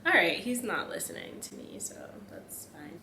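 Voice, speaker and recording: A woman's voice: on the low side, wildly swooping pitch, moderate pace, creaky, sharp tone. A young woman chatting casually to camera with lots of fillers, giving tips and talking to her dog. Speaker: vlogger. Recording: echoey room, faint room noise.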